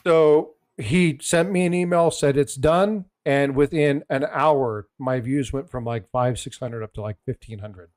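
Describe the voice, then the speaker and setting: A man's voice: medium pitch, measured pace, hardly any pauses, darkish tone, dry recording. Guy hosting a coin chat, rambles n restarts a lot, dry mic. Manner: rambling joke-telling, many restarts. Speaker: coin channel host. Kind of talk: casual chat.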